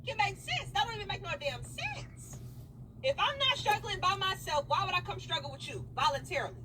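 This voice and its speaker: Woman, high voice, fast talker, indignant, emphatic, distant noisy outdoor recording. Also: lively intonation. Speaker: woman in a reacted clip.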